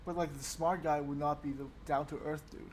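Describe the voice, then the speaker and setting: A man's voice: on the high side, flat delivery, normal speed, a little hiss or hum. A man co-hosting a livestream, easygoing, laughing along and telling short anecdotes. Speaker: livestream co-host. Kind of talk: casual banter on a livestream.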